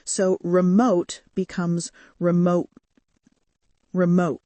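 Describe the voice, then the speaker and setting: Slow, careful British woman teaching sounds. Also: medium pitch, sing-song, no echo. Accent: modern British. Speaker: pronunciation teacher. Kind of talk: scripted language lesson.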